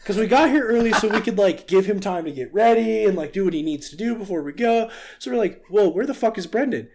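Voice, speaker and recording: A podcast co-host in his twenties tells a story during casual chat, swearing often and acting out quotes with animation. His voice is high and his pace quick.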